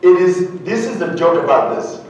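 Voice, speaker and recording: A man from Uganda tells stories from a keynote stage with a humorous, animated delivery, often throwing questions back to the crowd. His voice sits a little high, and he stands well back from the microphone. It rings out through a very echoey hall over a faint hum. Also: normal speed, dull audio. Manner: animated, humorous, quizzes the audience. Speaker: keynote speaker. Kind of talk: storytelling keynote speech. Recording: very echoey hall, voice far from mic.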